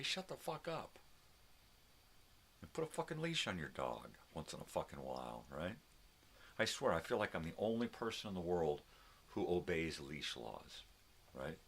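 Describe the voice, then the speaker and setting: Older man with a low voice, cursing and ranting. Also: fairly bright tone, slight background noise. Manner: profane, ranting, talks to his dogs. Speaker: vlog host. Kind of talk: casual morning chat. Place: home with dogs.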